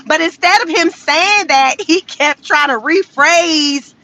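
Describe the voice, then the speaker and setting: A woman hosting casual political commentary, animated and laughing often, talking straight to her viewers. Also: high-pitched, slow, low-quality recording.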